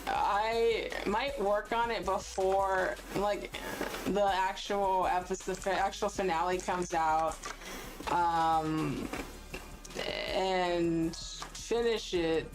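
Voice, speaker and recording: A woman's voice: medium pitch, fairly even intonation, drawn-out words, noisy background. A woman streamer in casual, rambling chat who interrupts herself, jokes and swears. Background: loud music.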